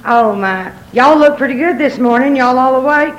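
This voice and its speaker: A woman's voice: high voice, takes it slowly, long pauses, a faint crowd, rough recording. A woman speaking to a recovery meeting, folksy and teasing, laughing as she talks. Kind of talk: casual speech to an audience.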